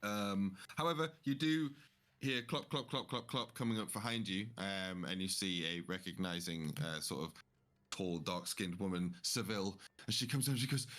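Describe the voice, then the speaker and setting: A man narrating a tabletop game as game master, relaxed and rambling with many fillers. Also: low voice, normal speed.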